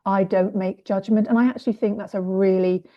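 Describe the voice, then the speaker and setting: A woman's voice: medium pitch, fairly even intonation, a little fast, highs cut off. A woman guest on a podcast, speaking thoughtfully and discursively, with many asides as she reflects. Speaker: guest coach and writer.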